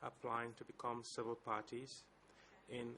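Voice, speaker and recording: A male lawyer, addressing a courtroom slowly and formally with some hesitations. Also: medium pitch, little pitch movement, creaky, pushed and bright. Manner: deliberate, measured speech with hesitations. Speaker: lead co-lawyer for civil parties.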